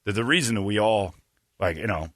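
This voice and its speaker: A man's voice: on the low side, a little fast, no room sound, studio quality. A man hosting a podcast in casual chat, telling stories with put-on voices and laughter. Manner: animated storytelling with mocking voices and laughs. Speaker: podcast host.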